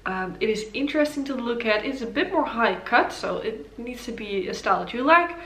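A woman's voice: fairly high pitch, lively intonation, a little fast, bright, forceful tone, reverberant. A woman hosting a casual knitting vlog, reviewing patterns in a chatty way with many ums and uhs, recorded on a camera mic. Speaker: knitting channel host.

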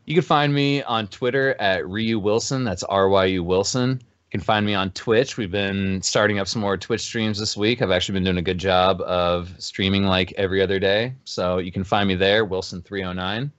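A man's voice: deep voice, fairly even intonation, moderate pace, few pauses, a bit bright, no room sound, dull audio. A man co-hosting a podcast, easygoing and joking in casual chat. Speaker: podcast co-host.

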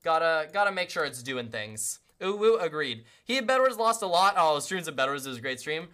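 A streamer with a bright, forceful mid-range voice talks a little fast, with big swings in pitch. Playing a game, they chat casually and constantly with viewers, put themselves down, and keep repeating welcomes.

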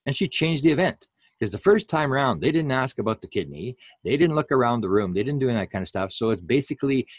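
A man's voice: mid-range voice, slightly rough, dry recording. A man giving a public lecture in a rambling way, full of fillers and restarts.

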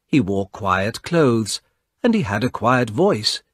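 A man reads a story aloud at a slow, careful pace, with a lively, expressive rise and fall. His voice is husky and close, with a dry sound. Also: medium pitch, no echo. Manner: clear, expressive read-aloud. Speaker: narrator. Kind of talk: slow storybook reading for English learners.

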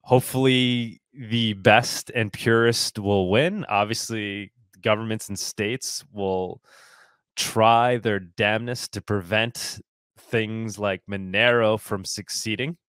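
A man with a fairly low voice reads news items and keeps stopping to comment in a loose, sarcastic way, often repeating himself as he restarts. The sound is dry and close, with no room around it. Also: steady tone, takes it slowly, a bit bright, clear, resonant tone, no echo. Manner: sarcastic asides between read-out items; casual, repeats words and restarts. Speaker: crypto news host.

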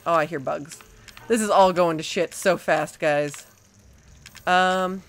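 A woman's voice: fairly low pitch, steady tone, slow pace. A young woman giving let's play commentary on a horror game, panicking and swearing as she talks back to the game. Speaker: gaming streamer.

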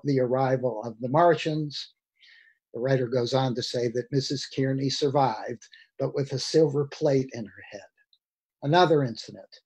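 A man in his sixties gives a talk over a video call, reading from a book and breaking off for wry comments to his audience. His voice sits a little high for a man, and he tells the story with relish. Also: a little mellow, slightly rough, highs cut off. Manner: storytelling, wry asides to listeners. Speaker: lecturer. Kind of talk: lecture with reading aloud from a book.

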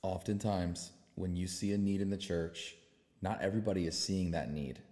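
A man, a pastor co-hosting a faith podcast, talking with fervent bursts of excitement. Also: sits low, normal speed, long reverb tail. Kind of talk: casual faith podcast chat.

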